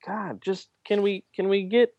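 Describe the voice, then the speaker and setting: A man co-hosting a podcast in casual chat, talking haltingly with frequent restarts. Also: high voice, steady tone, no echo, dull audio. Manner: halting, many restarts and fillers. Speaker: podcast co-host.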